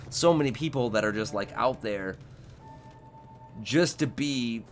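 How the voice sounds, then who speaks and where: A man's voice: mid-range voice, measured pace, soft background music. A young man hosting a game live stream, talking casually with his chat in a rambling, profane way.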